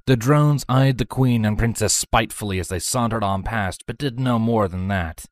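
A woman narrating a fan fiction story in an expressive storytelling manner. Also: very deep voice, moderate pace, dry recording, clean studio sound.

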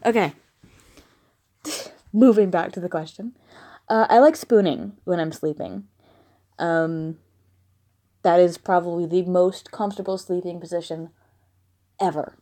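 A woman's voice: fairly low pitch, unhurried, pauses often, mellow. Blunt, giggly woman from the American South. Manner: frank, blunt, giggly asides. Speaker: audio creator answering listener questions. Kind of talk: casual question-and-answer monologue. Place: at home with a dog nearby.

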